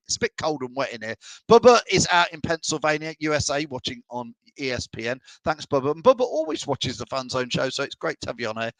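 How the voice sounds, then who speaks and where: A man's voice: on the high side, fairly bright tone, dry recording, rough recording. A middle-aged man from England hosting a live fan show, chatting and teasing as he reads out viewers' messages. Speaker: fan channel host. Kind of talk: live stream chat reading comments.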